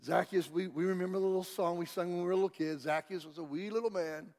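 A pastor preaching to his church, his fairly high voice rising into loud shouted peaks and dropping into hushed lines. The sound rings with long reverb from a large sanctuary. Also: steady tone, fast. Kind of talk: sermon.

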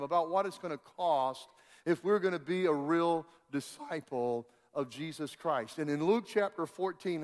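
A high-voiced male pastor preaches in a folksy, animated storytelling way, stumbling over restarts as he builds his point. His voice rings out with a long hall reverb around it, as in a church sanctuary. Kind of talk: sermon with storytelling.

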